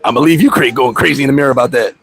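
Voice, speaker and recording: An expat vlogger hosts a casual livestream in loose street slang, laughing often and acting out little scenes in other voices. His medium-pitched voice is fairly bright with a breathy edge, and he talks very fast. The audio quality is poor.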